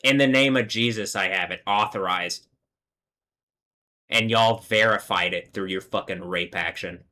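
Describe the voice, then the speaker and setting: A man rants on his own livestream in a heated, profane tirade that keeps circling back to the same insults. His voice is forceful and bright, pushing hard through each line. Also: fairly low pitch, measured pace. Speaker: livestream host. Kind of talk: angry livestream rant.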